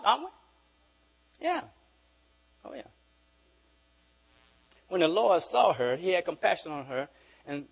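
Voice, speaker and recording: Man preaching, fairly high voice, emphatic, repeats himself, dull recording with hum. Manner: emphatic, rising to forceful peaks and dropping to quiet asides; repeats words when building a point. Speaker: pastor. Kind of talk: sermon.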